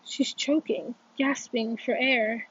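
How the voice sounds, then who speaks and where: A woman's voice: on the high side, fairly even intonation, slow, fairly bright tone, husky. A woman reading a first-person novel aloud in an earnest, emotional way, often restarting her words, on a dull lo-fi recording. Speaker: audiobook reader.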